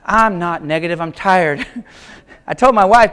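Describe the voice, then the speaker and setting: A man in his fifties delivers a humorous keynote in a high voice. He tells wry, self-mocking stories in punchy short lines, the way a teacher holds a crowd. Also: unhurried, pushed and bright, clean tone. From Kansas. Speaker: keynote speaker, art teacher.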